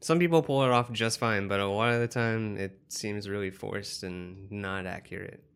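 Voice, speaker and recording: Smooth-voiced man, mild Southern accent. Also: on the low side, moderate pace, a bit bright. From Southern United States. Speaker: podcast co-host. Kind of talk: casual chat recapping a film.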